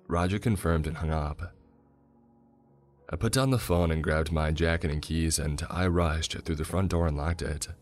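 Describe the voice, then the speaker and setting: Very deep-voiced male horror narrator. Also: normal speed, faint music behind. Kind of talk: scripted first-person horror narration.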